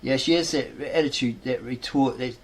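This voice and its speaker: A man's voice: medium pitch, moderate pace, slightly rough. A man reading a fan story aloud, rambling and correcting himself as he goes.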